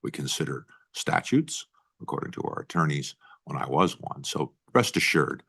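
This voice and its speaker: A man's voice: a bass voice, very animated, moderate pace, vocal fry, sharp tone, husky. A middle-aged man, a state senator, questioning a witness in a committee hearing in a blunt way, with frequent restarts. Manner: blunt, repeats himself, restarts often.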